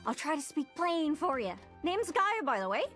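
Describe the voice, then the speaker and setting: Chirpy Newfoundland-accented globe traveler. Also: female voice, high-pitched, moderate pace, music in the background. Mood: friendly. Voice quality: chirpy, excitable. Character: friendly red-haired globe-headed woman traveler. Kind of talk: video game character voice.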